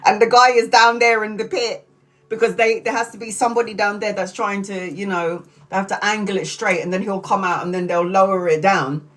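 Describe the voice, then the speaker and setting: A woman's voice: mid-range voice, fairly even intonation, brisk, fairly bright tone. A middle-aged woman tarot reader on a live stream, telling a story with lots of swearing and laughter.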